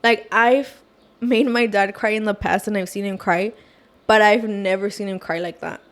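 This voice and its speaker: A woman's voice: medium pitch, normal speed. A woman guest on a podcast, telling a personal story casually, with lots of "like" and "oh my gosh". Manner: animated, fillers like "like" and "oh my gosh".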